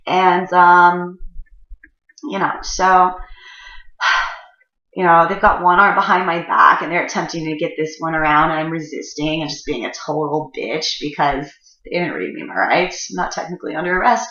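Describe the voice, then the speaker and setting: Low, sharp-voiced woman telling a rambling story. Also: normal speed. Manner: profane, rambling, frequent fillers. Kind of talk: casual personal storytelling. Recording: roomy, slightly dull recording.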